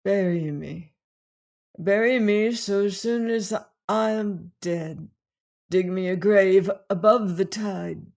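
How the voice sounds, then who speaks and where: A dying young woman murmurs her farewells in a faint, breathy voice, as a man reads her lines. She speaks slowly and weakly, her tone tender and pleading. It is a storybook reading. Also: high-pitched, a little mellow, exaggerated voice. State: dying, weak. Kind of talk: audiobook character reading.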